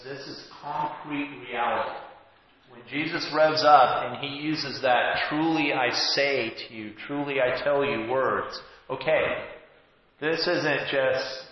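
A pastor in his forties giving a conversational sermon and often restarting his sentences. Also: mid-range voice. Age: 40s. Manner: conversational, with self-interrupting restarts. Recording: echoey hall, dull lo-fi sound.

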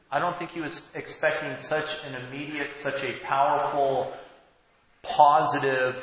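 A pastor in his forties giving a conversational sermon and often restarting his sentences. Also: on the high side. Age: 40s. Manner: conversational, with self-interrupting restarts. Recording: echoey hall, dull lo-fi sound.

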